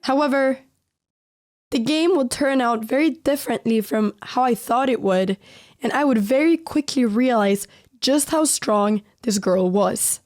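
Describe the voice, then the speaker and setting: A woman's voice: fairly high pitch, no echo, studio quality. Slightly sick woman narrating a chess game. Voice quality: occasional voice cracks. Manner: calm, measured storytelling of moves. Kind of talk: reflective voice-over narration. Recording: voice-over with faint background music.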